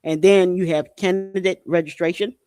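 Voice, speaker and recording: A man's voice: sits high, fairly even intonation, normal speed, darkish tone, clean tone, no room sound, clean studio sound. Indignant man ranting on a podcast. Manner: blunt and indignant, swears, repeats himself. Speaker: podcast host. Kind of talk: casual commentary on news articles.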